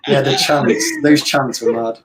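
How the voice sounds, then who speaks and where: A man in a casual football chat, telling stories in a relaxed, chatty way. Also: medium pitch, measured pace, slight background noise. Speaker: guest on a watch-along.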